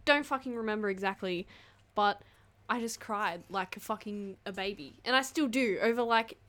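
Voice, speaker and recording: A woman's voice: medium pitch, normal speed, a bit bright. A woman co-hosting a podcast in casual chat, blunt and swearing a lot. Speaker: podcast co-host.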